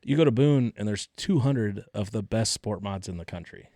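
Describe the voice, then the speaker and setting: A man telling racing stories as a podcast guest, animated and cocky, swearing freely. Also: on the low side, normal speed, dry recording, studio quality. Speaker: guest, race car driver. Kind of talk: casual storytelling.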